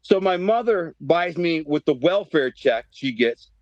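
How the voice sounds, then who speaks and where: A middle-aged man, from Detroit, telling his life story as a podcast guest in a streetwise, animated way and acting out the voices in his quotes. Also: fairly high pitch, unhurried, no room sound. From Detroit, USA. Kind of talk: casual storytelling. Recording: dry, dull podcast audio.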